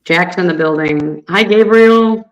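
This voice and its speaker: A man hosting a casual livestream, hoarse from allergies, friendly and greeting viewers by name. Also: high voice, unhurried, highs cut off. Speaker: livestream host.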